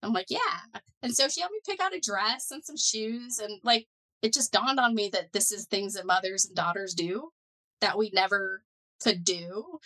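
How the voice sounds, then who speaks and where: A middle-aged woman, a foundation director and neuroscientist, appears as a guest in a conversational interview, telling her story as an animated storyteller full of "like" and "you know." Her voice sits at medium pitch and moves at a normal speed. The recording quality is low.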